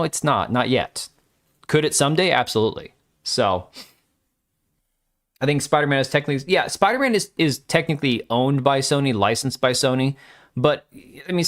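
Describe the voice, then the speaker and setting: A man hosting a live stream, giving blunt, opinionated and crude commentary while talking back to his chat. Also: medium pitch.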